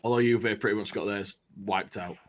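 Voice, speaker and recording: A man co-hosting a fan podcast, adding quick quips and wry asides. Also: lowish voice, steady tone, a little hiss or hum. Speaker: podcast co-host. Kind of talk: casual podcast chat.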